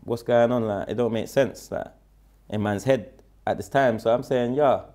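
A man with a South London accent talks through a story in an interview, full of slang and lively as he acts out the quoted lines. His voice is gravelly and sits at a middle pitch. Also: normal speed. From London, England. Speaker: rapper guest.

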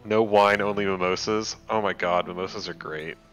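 A man's voice: low voice, fairly even intonation, moderate pace, fairly bright tone, muffled recording, faint music behind. A man streaming a game, chatting casually and bluntly, swearing now and then. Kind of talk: casual chat while playing.

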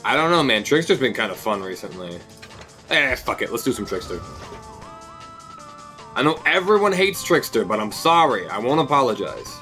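A young man streaming a game from home, chatting casually, swearing and breaking into sudden excited outbursts. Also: medium pitch, normal speed, long pauses, soft background music. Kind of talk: casual live-stream chat.

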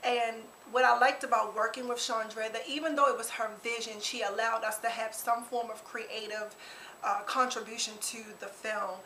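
Bright-voiced woman, earnest producer interview. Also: on the high side, steady tone, normal speed, roomy sound, slight background noise, poor audio. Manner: earnest, thoughtful, with fillers. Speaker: producer and cast member. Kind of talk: on-set interview.

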